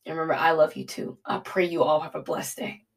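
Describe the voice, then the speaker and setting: A woman giving a heartfelt spoken devotional in an earnest, halting, emotional way. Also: deep voice, little pitch movement, recorded from a distance. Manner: Southern-style "y'all". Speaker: devotional speaker.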